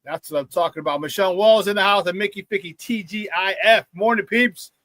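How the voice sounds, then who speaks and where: High-voiced hype-man sports host. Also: a little fast, fairly bright tone, no room sound. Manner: hype-man energy with catchphrases, calls viewers baby. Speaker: sports talk show host. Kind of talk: casual morning show chat, reading viewer comments.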